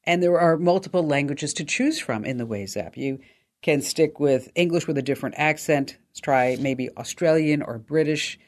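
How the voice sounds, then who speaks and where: A woman's voice: sits low, moderate pace. A woman hosting a tech call-in radio show, talking in an upbeat, chatty way and reading ads.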